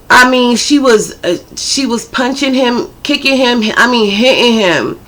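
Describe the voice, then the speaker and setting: Woman vlogger, storytime, slow pace, chatty, profane. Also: fairly high pitch, animated, fairly bright tone. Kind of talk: storytime vlog.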